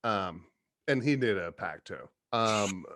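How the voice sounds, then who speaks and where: A man guesting on a podcast, telling stories in a profane, animated, casual way. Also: lowish voice, slow pace, no room sound. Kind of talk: casual storytelling chat.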